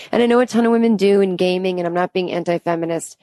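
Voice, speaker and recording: A woman's voice: medium pitch, steady tone, fast, few pauses, mellow, no echo. A woman in her thirties, a podcast host telling a comic story in an exasperated, rambling and self-deprecating way. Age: 30s. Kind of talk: comedic storytelling monologue.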